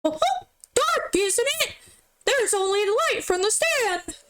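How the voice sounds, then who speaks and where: Woman putting on a squeaky cartoonish young man. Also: expressive, takes it slowly, noisy background, exaggerated voice. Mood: curious. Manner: falsetto cartoonish squeak, bouncy. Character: squeaky high-voiced young man, eager guide. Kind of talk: video game voice acting.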